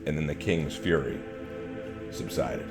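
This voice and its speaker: A man's voice: very deep voice, unhurried, over loud music. A man teaching a Bible study dramatically, acting out scenes in voices.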